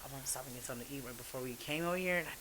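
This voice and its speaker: A woman and mother chatting casually on a podcast, rambling and quick to laugh. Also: very deep voice, a bit bright, slight background noise, low-quality recording. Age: adult. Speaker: podcast co-host. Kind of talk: casual chat.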